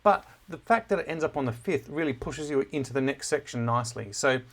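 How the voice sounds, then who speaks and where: Guy teaching a music class, laid back, lots of uhs and ums, mid pitch. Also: brisk. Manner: relaxed, many filler words, self-deprecating asides. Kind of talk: casual classroom lesson on music analysis.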